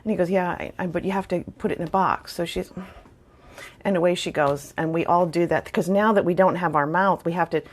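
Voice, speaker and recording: A woman's voice: fairly low pitch, steady tone, brisk. A middle-aged woman telling a funny personal story in a casual, wry, self-deprecating way, with chatty fillers. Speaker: storyteller vlogger.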